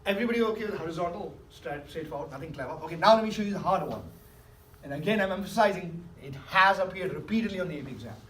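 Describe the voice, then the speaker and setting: In a high-pitched, animated voice, a male math teacher races through his lecture, pausing to question students and coaxing them to keep up. Faint hiss and echo mark a recording made from far back in the classroom.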